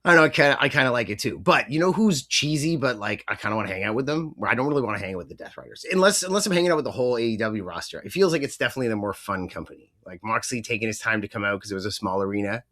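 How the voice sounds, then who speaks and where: A man's voice: medium pitch, animated, very fast, few pauses, sharp tone. A young man co-hosting a wrestling podcast in casual chat, rambling with lots of fillers and casual swearing. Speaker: podcast co-host.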